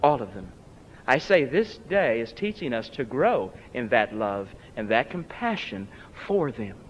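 A man's voice: sing-song, a little slow, slight background noise. A man preaching a sermon in an emphatic, dramatic way, his voice rising and falling sharply. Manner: emphatic, dramatic swings in pitch and loudness. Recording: lo-fi recording with long hall reverb.

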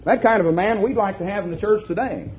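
A man's voice: high voice, quick pace, a little hiss or hum. A man preaching a sermon, reading a story aloud and asking the congregation rhetorical questions. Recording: lo-fi tinny recording.

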